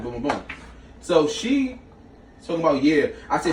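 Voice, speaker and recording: A man's voice: medium pitch, very animated, fast talker, recorded from a distance. A man hosting a casual cooking vlog in a small home kitchen, chatty and slangy, cutting between the recipe and side stories. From New York. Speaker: cooking show host. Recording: echoey room, away from the mic, faint noise.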